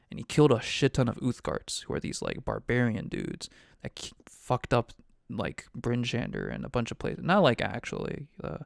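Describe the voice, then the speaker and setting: Gravelly, smooth-voiced casual game master. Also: male voice, medium pitch, dry recording, clean studio sound. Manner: rambling, loose and profane, heavy on "like". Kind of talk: casual recap of a tabletop game.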